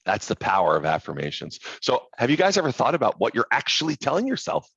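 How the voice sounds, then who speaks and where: A man hosting a group coaching call, talking in an animated, motivational way over video call. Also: medium pitch, quick pace, creaky, husky, no echo, highs cut off. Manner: animated, motivational, quotes inner voices.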